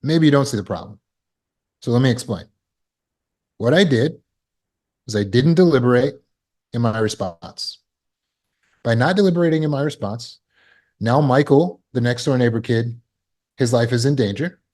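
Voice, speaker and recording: A man of middle pitch teaches a trauma recovery class over a video call. He talks earnestly and acts out everyday scenes, sometimes jumping into alarmed outbursts before settling back into a steady teaching voice. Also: normal speed, long pauses. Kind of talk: teaching talk with acted examples.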